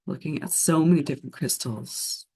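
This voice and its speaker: A retreat leader speaks very slowly in a mellow, soothing tone, guiding listeners through a visualization. The voice comes through a computer on a video call from a room at home. The talk moves between guided meditation and relaxed sharing. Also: medium pitch, husky. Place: home room beside an altar.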